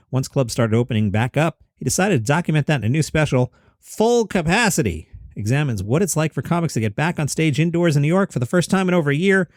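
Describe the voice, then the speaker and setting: A man's voice: on the high side, dry recording, clean studio sound. A man hosting a comedy news podcast, chatting through headlines casually and thinking aloud with asides. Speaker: podcast host.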